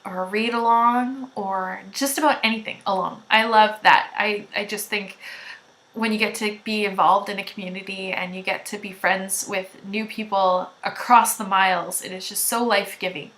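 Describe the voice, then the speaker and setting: A woman hosting a knitting podcast, chatting loudly to viewers in a gushing, rambling way. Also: medium pitch, steady tone, moderate pace. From Canada. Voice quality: loud. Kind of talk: casual chat to viewers.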